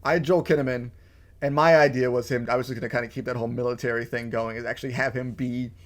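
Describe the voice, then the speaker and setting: A man's voice: mid-range voice, steady tone, fast talker. A man co-hosting a movie podcast in casual chat, joking and blunt, swearing casually. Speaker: podcast co-host.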